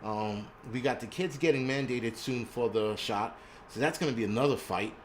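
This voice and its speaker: Angry, profane and blunt, a New York City man rants on his prepping live stream, stammering and restarting often. He speaks at a normal speed in a mid-range voice, over a slight hiss or hum.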